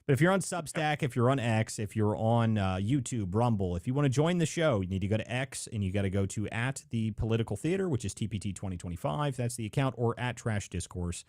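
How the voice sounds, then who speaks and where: A man's voice: lowish voice, animated, fairly quick, hardly any pauses, darkish tone, dry recording, clean studio sound. A man hosting a live political talk stream, rambling and emphatic, leaning hard on "like" as he opinionates. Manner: rambling, emphatic, heavy use of "like". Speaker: livestream political show host. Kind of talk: casual political commentary.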